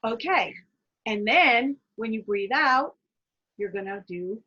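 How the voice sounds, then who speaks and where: A woman leading a guided laughter yoga lesson in an encouraging, chatty way, breaking into loud chanted laugh sounds, recorded on dull lo-fi online talk audio. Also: fairly high pitch, expressive, a little slow, slightly rough. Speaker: wellness presenter.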